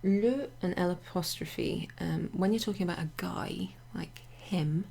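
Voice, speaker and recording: A woman explains French pronouns in a loose, chatty way, pausing with fillers and wandering into asides. Her voice is low, dark and mellow, with a gravelly, husky edge. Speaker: French teacher. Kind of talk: casual explanatory lesson. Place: home near a greenhouse.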